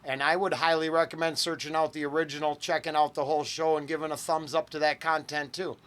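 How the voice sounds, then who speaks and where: A man's voice: on the high side, little pitch movement, fast talker, a bit bright. A man hosting a reaction channel, chatting casually and rambling with fillers and restarts. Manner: rambling, with fillers and self-corrections.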